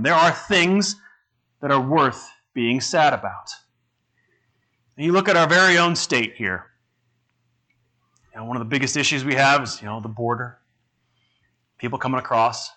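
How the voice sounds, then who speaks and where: Bright-voiced man preaching a sermon. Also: mid-range voice, unhurried, long pauses. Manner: conversational, asks the congregation questions.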